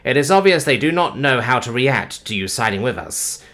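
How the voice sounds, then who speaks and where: A man's voice: medium pitch, very animated, moderate pace, fairly bright tone. A man voicing a literal-minded, caring robot who speaks formally, with no contractions.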